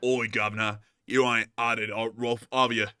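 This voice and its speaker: A man's voice: mid-range voice, level tone, normal speed, sharp tone, no echo, studio quality, lightly acted. A man playing a coughing asbestos miner. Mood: gruff. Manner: rough, coughing. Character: sick 1800s English asbestos miner, male.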